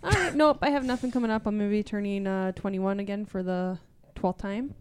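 A woman's voice: medium pitch, fairly quick, a little hiss or hum. A young woman comedian chatting casually, with a wry, joking manner. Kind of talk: casual chat.

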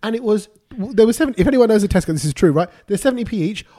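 A British man chatting on a podcast with a high, lively voice that jumps around a lot. He tells stories with relish and drops into playful voices for the people in them. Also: very fast. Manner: animated storyteller, playful voices. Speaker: podcast co-host. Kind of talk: casual chat.

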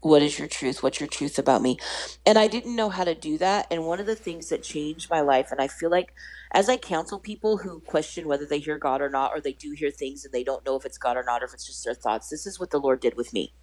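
A woman in her forties with a low, deep voice tells a personal faith story on a podcast. Her storytelling is animated, and she acts out the voices of other people as she goes. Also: fast, low-quality recording. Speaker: guest.

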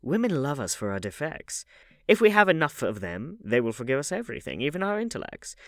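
A man reading an audiobook, voicing a witty, cynical aristocratic gentleman with languid epigrams. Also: medium pitch, very animated, fairly quick, no echo, clean studio sound, pitched above the performer's own voice. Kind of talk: audiobook character voice.

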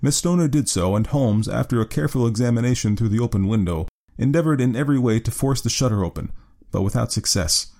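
A man narrating a classic story as an audiobook in a measured, even reading. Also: mid-range voice.

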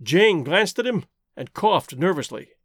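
A man narrates an old adventure novel with an expressive, theatrical delivery. His voice sits high and moves a lot. The recording is dry and close. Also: measured pace, no echo. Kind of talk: audiobook narration.

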